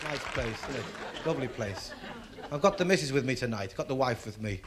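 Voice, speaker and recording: A male comedian grumbles to the crowd in chatty asides, his pitch leaping about. A live audience is clearly heard around him, with hiss over the recording. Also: expressive, fairly quick. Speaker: stand-up comedian. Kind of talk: stand-up routine.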